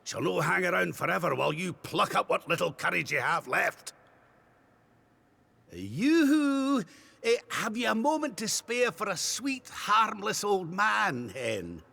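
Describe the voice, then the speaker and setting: A gravelly, husky old Scottish king from a fantasy game, his voice swooping up and down as he drawls along slowly. He wheedles and stammers like a cheeky old man caught off guard. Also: sits high, sing-song, pushed and bright, voice pushed up, heavily acted. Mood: wheedling. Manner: wheedling, then stammering in disbelief.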